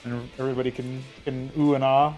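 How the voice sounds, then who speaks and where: A man's voice: medium pitch, little pitch movement, brisk, a little mellow. Man, game master, laid-back, jokey, faint music behind. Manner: laid-back, joking, laughs often. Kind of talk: casual tabletop game chat.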